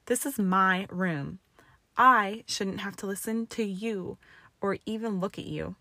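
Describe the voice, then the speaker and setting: A woman's voice: mid-range voice, normal speed, dry recording, lightly acted. A woman voicing a proud young witch who snaps and scorns in anger. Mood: furious. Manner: snapping, scornful.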